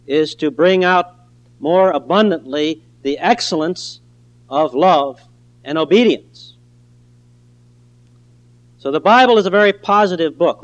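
A man preaching a sermon in an earnest, emphatic way, slowing down on key phrases. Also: high-pitched, lo-fi sound.

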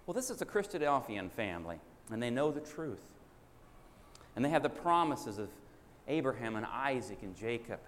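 A man preaching in a folksy storytelling style, at an ordinary middle pitch. His voice rings with a long hall reverb, and a faint hiss sits under it. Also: big pitch swings, moderate pace. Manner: folksy, acts out child and father voices in a story. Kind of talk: sermon storytelling.

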